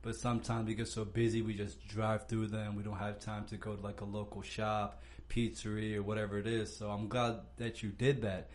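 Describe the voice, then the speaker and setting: A man hosting a podcast, chatting in a relaxed, reflective way. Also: on the low side, brisk, few pauses. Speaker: podcast host. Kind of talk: casual chat.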